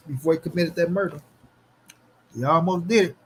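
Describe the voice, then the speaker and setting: A man hosting a casual boxing livestream, speaking in an animated, slangy way as he answers his chat. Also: on the high side, a little fast, long pauses, slight background noise. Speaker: boxing commentary channel host.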